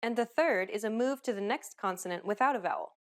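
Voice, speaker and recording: A woman hosting a pronunciation lesson, giving upbeat, clearly enunciated scripted instructions. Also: medium pitch, a little fast. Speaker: language teacher host.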